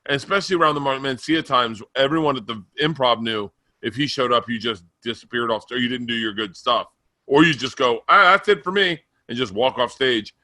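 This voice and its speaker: A middle-aged comedian co-host talks bluntly, swearing and tripping over his restarts. His voice is bright, slightly high, and dry and close. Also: a little fast, no echo. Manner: blunt, profane, stumbling restarts. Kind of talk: casual chat.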